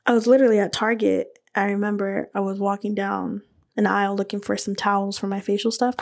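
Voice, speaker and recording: A woman hosting a podcast, telling her own story in a casual, animated way. She fills her talk with "like", laughs often and swears freely. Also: mid-range voice, moderate pace, vocal fry. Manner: chatty and animated, many "like" fillers, laughs. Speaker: podcast host and beauty business owner.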